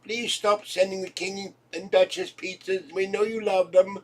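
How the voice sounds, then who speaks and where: A man's voice: sits high, level tone, normal speed, pitched above the performer's own voice. A man voicing a flustered, pompous British palace spokesman who pleads in a fussy official tone. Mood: pleading.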